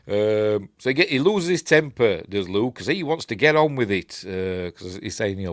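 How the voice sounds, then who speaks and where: A man's voice: on the low side, expressive, moderate pace, hardly any pauses, no echo, clean studio sound. A man with a Yorkshire accent hosting a casual film review at home, rambling chattily with tag questions and asides. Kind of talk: casual film commentary over the movie.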